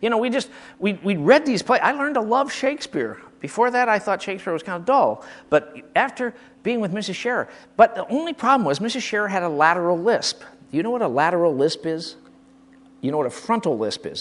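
Recalling his school teachers, a brisk Michigan storyteller spins funny, casual anecdotes. His voice sits a bit high for a man and swings lively up and down as he acts out quotes, often restarting his sentences.

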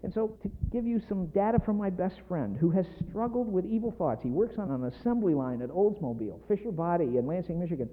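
A man's voice: sits high, lively intonation, a little fast, few pauses. A middle-aged man preaching a sermon with emphatic, passionate delivery that builds in intensity. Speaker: pastor. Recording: tinny phone-like sound in a reverberant hall.

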